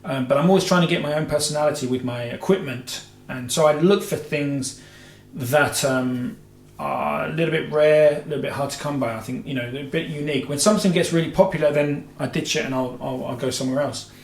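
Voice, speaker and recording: A man's voice: a little high, a little fast. A man hosting a guitar show, answering viewer questions in a rambling casual chat full of filler and restarts. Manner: rambling, heavy with filler "you know"s and self-corrections. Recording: roomy echo with faint music.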